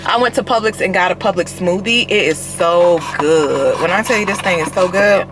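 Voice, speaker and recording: Over music, a young woman from the United States vents expressively in a casual vlog, swearing and repeating herself. Her voice is fairly low and her speed normal, and the camera mic picks her up in a very echoey room.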